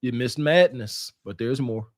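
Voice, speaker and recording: A man's voice: mid-range voice, unhurried, slight background noise. A man co-hosting a podcast in casual commentary, lecturing and scolding with sighs and laughs. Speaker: podcast co-host.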